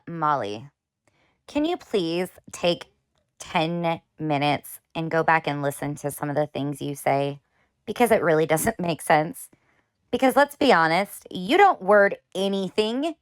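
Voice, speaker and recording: Woman host picking apart clips, sarcastic, smooth clear voice, dry close sound. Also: deep voice, expressive, measured pace, no echo. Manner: pointed, sarcastic questioning. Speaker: commentary host. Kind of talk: drama commentary.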